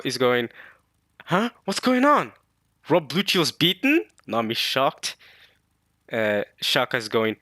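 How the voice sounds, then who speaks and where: A man casually reading a manga chapter aloud and reacting to it, excited and thinking out loud. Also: mid-range voice, dry recording, clean studio sound. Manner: excited, thinks aloud, reads lines in quick put-on voices.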